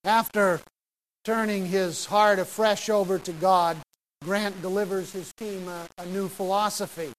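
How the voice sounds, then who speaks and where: A man's voice: high voice, steady tone, a little slow, a little hiss or hum, low-quality recording. A man pastor preaching a sermon in a church, urging his listeners in short, emphatic phrases. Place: church sanctuary.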